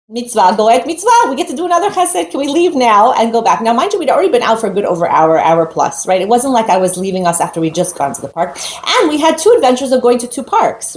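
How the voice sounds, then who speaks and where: A woman teaching Torah through a lively personal story, acting out the voices of the people in it. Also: medium pitch. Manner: animated storytelling, acts out quoted voices. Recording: roomy echo with faint background noise.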